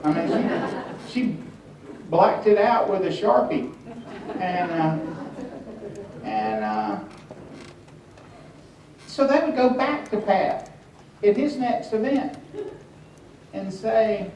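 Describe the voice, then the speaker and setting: A man tells wry, halting stories to an audience at a hotel event, full of restarts. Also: high-pitched, very animated, noisy background. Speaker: author speaking at a tribute event. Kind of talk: storytelling talk to an audience. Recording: echoey room from far off.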